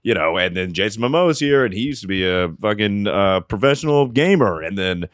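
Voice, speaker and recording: A man's voice: on the low side, a little fast, no room sound, clean studio sound. Profane, ranting podcast guy. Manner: profane, animated ranting with mocking put-on voices. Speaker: podcast co-host. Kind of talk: casual comedy podcast chat.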